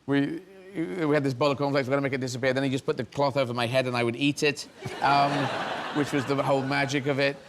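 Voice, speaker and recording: A man's voice: mid-range voice, steady tone, fast. A middle-aged man from England, a comedian as interview guest, telling rambling, self-mocking stories and laughing mid-sentence. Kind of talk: anecdotal storytelling.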